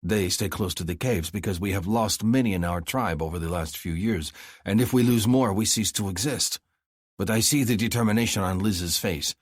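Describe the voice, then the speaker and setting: A man reading a novel aloud in first person, measured and intense. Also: low-pitched, husky, dry recording, studio quality. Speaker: audiobook narrator. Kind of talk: scripted first-person narration.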